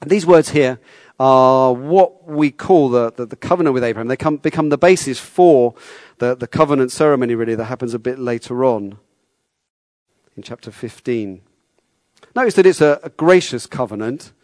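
A man's voice: medium pitch, normal speed, a little mellow, no room sound. Conversational male preacher, dry sound. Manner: conversational, repeats words, asks the listeners questions. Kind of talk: sermon.

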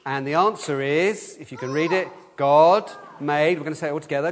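A man leading a children's talk in church, lively, asking the room questions and leading call-and-response answers. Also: fairly high pitch, quick pace, few pauses. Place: church hall. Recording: long hall reverb.

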